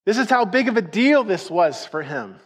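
High-voiced man preaching a conversational sermon. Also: big pitch swings, moderate pace. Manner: conversational, emphatic, acts out quotes. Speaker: pastor.

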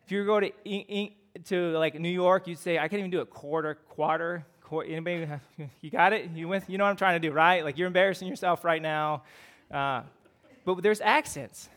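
A middle-aged man with a Midwestern American accent delivers a sermon. His voice sits a little on the high side. He preaches casually, with fillers and frequent rhetorical questions to the congregation. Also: moderate pace, a bit bright. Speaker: pastor.

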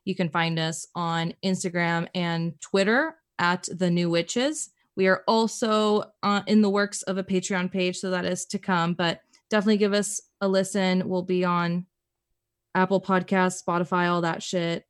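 Young woman podcast co-host, casual storyteller, lively, swears casually. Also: fairly low pitch, measured pace, clean tone. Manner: animated storyteller, acts out quotes, swears casually. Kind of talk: casual chat.

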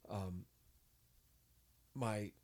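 Middle-aged man from New Jersey, podcast co-host, low-pitched, lively raconteur who acts out the voices. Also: extremely slow. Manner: animated storyteller acting out quotes. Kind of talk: casual chat, storytelling.

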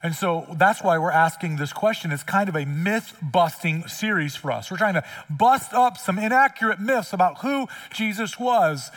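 Man preaching in church, high voice, blunt and chatty, repeats his point, heard from off the mic. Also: animated, moderate pace, few pauses, a bit bright, far from the mic. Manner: conversational, blunt, emphatic repetitions. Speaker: pastor. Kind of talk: sermon. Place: church sanctuary.

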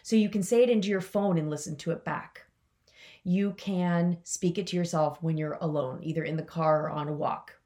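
A woman with a somewhat low, even-toned voice hosts a motivational podcast. She talks in a loose, chatty way and is upbeat throughout. When she acts out other people's lines, her pitch jumps up sharply. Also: moderate pace. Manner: casual and enthusiastic, acting out quotes with jumps in pitch. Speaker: podcast host.

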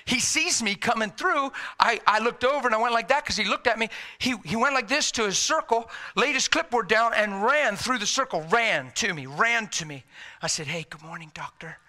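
A man giving an emotional faith testimony as a guest, animated and swinging from loud to hushed. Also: very high-pitched, moderate pace. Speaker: guest telling a personal story.

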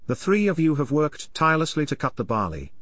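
A man voicing a middle-aged mother who speaks firmly to her sons but gently and kindly. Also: a little high, big pitch swings, brisk, dry recording, clean studio sound. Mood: gentle. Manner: firm, demanding, then gentle and kind.

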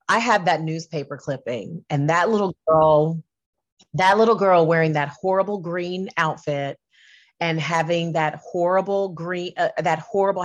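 A middle-aged woman speaks with earnest, emphatic energy in a candid interview. She often restarts and repeats phrases, and her pitch climbs high when she presses a point. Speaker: singer and entertainment business owner, interview guest.

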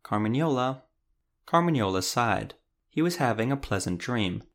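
A man's voice: medium pitch, animated, moderate pace, fairly bright tone. A man narrating a fantasy story. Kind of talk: scripted fantasy audiobook narration.

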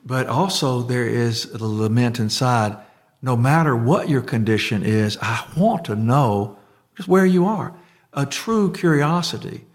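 A man's voice: medium pitch, measured pace. A man in casual conversation about faith, telling a story with lots of restarts and fillers.

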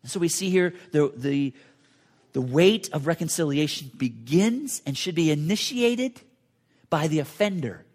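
A man preaching a sermon in an earnest, repetitive way, often restarting phrases and dropping to a hush for emphasis. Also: a little high, animated, a little slow. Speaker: pastor.

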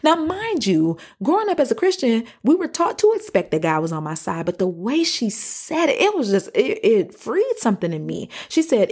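Husky, animated woman podcast host. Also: moderate pace, hardly any pauses. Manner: animated, slangy, jumps into high-pitched quoted voices. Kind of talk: casual storytelling monologue.

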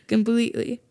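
The host of a faith podcast, this woman talks earnestly in a monologue, going back over her points again and again for emphasis.

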